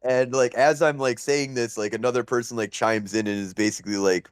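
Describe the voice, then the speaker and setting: A man hosting a podcast, telling a story in an animated, casual way, full of fillers and laughter. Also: mid-range voice, a little fast, few pauses, smooth, no room sound. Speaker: podcast host.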